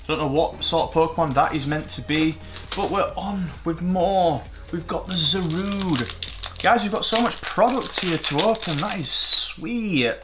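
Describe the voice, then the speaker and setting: A man who hosts a card-opening channel, chatting casually as he opens packs. He gets excited, swears and mocks himself. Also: fairly high pitch.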